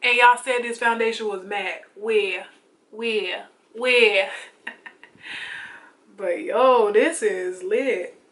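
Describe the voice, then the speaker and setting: Young woman beauty vlogger, bright forceful tone, chatty slangy delivery, faint room hiss behind. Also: fairly high pitch, slow, long pauses. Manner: chatty and excitable, with slangy asides. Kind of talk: casual get-ready-with-me chat. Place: home, doing makeup.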